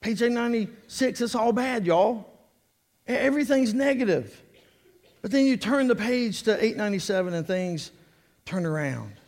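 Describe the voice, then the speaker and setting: A man preaching a sermon, animated and joking as he draws the congregation in. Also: sits high. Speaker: pastor. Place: church sanctuary. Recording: long reverb of a church hall.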